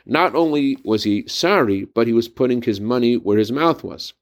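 A man's voice: mid-range voice, lively intonation, moderate pace. A man giving a short Torah talk, telling a story in an earnest, reflective way. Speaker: Torah teacher.

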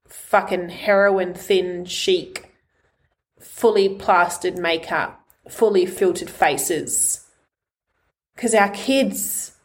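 A woman hosting a podcast, giving a passionate, heartfelt motivational monologue full of emphatic swearing. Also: medium pitch. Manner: heartfelt and vulnerable. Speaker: podcast host.

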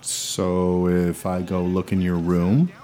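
A man acting in a comedy sketch, with a dry, exasperated deadpan delivery. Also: low-pitched, takes it slowly. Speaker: comedy podcast host.

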